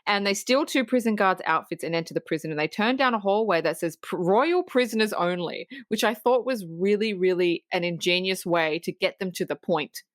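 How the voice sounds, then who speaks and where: A woman's voice: medium pitch, fairly quick, hardly any pauses, no echo, studio quality. A woman co-hosting a podcast, casually reviewing a film and eagerly retelling its scenes. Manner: animated retelling, acts out quoted lines. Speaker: podcast co-host.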